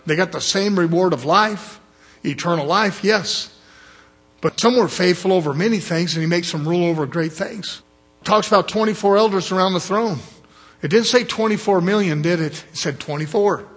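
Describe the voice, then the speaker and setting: Husky, emphatic male preacher. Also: high-pitched, moderate pace. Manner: emphatic, repeats phrases for stress. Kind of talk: sermon.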